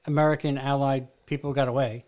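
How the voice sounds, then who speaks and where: A man's voice: medium pitch, level tone, fairly quick, darkish tone. A man co-hosting a podcast, telling stories in casual, rambling chat with frequent restarts. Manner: rambling, self-interrupting storyteller. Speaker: podcast co-host.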